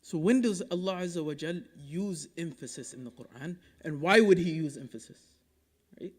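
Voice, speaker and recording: Male imam from Dallas, high voice, impassioned Friday sermon with quick Arabic recitation, long mosque-hall reverb. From Dallas, Texas. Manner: impassioned, rhetorical, swinging between loud urging and hushed asides; recites Quranic Arabic quickly between English explanation.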